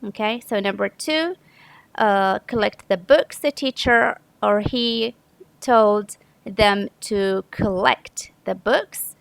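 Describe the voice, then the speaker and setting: A woman's voice: mid-range voice, slow, creaky, dry recording, rough recording. A woman teacher from Saudi Arabia patiently walking through an English grammar lesson step by step, often correcting herself. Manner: patient, step-by-step explaining with frequent self-corrections.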